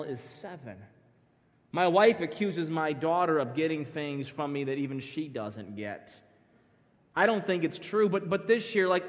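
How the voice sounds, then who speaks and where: A man in his thirties preaching at a youth conference, an animated, joking storyteller who talks straight to the crowd. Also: on the high side. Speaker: pastor. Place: church sanctuary. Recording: long hall reverb.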